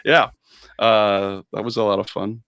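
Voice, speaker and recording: A man's voice: on the low side, little pitch movement, unhurried, creaky, fairly bright tone, no room sound, studio quality. Hesitant man chatting about his game. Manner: hesitant, many fillers and restarts. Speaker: podcast guest and game master. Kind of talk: casual podcast chat.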